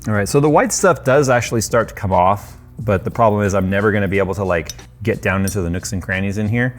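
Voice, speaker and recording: Talking fast in a fairly low voice, a man in his thirties shows how to do a cleaning job at his workshop workbench in a casual tech YouTube how-to. His tone is chatty and loose, full of self-deprecating quips, over soft background music.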